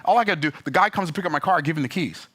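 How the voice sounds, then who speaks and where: Man for a vlog rant: emphatic, sarcastic, bright forceful tone. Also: on the high side, racing. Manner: exasperated, emphatic, sarcastic asides. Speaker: business vlogger. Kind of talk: animated storytelling rant.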